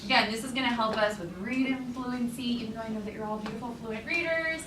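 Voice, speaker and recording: A woman leading a classroom lesson, chanting steady beats and syllables with energy. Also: fairly high pitch, fast. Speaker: teaching artist. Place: school classroom. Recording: echoey classroom, far from the mic, noisy.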